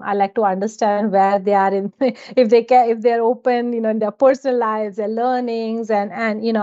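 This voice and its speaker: A woman from India, a data executive appearing as a guest in a casual interview, tells stories and laughs often between phrases. Her voice is fairly high-pitched and warm, and the audio is dull and lo-fi.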